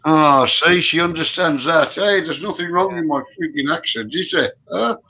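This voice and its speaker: A man chatting loudly and joking on a livestream, tired after a night without sleep. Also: a little high, moderate pace. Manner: loud, rambling and joking. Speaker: livestream guest. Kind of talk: casual chat.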